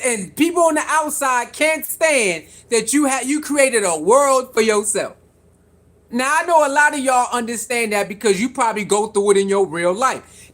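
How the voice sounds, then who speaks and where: Animated vlogger ranting to viewers. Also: high voice. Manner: animated, repetitive, rhetorical questions to viewers. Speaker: sports commentary vlogger. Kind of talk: casual commentary to camera.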